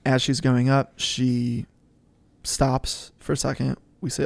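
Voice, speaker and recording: A young man with a gravelly, creaky edge talks through a faith podcast, earnest and sincere, often restarting his sentences. The sound is dry and close, with no room around it. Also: mid-range voice, level tone, slow, dry recording. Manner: earnest storyteller, repeats words as he thinks. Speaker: podcast co-host. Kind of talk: casual faith podcast chat.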